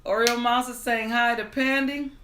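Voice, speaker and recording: A woman hosting a live stream, greeting viewers, reading their comments aloud in an unhurried, friendly way, then starting a storybook tale. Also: fairly high pitch, fairly even intonation, a bit bright, roomy sound, a little hiss or hum. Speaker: livestream storyteller host.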